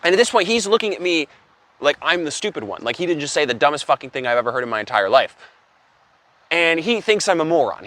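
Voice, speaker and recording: Young guy ranting deadpan, cussing a lot, kinda high voice, super dry sound. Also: dry recording. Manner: exasperated, profane storytelling. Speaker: comedic vlogger. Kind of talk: deadpan comedic rant.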